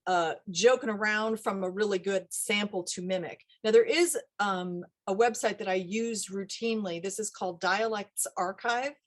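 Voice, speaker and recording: Animated woman dialect coach. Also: mid-range voice, moderate pace, few pauses. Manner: animated, acts out quoted voices, laughs often. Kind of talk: casual interview talk.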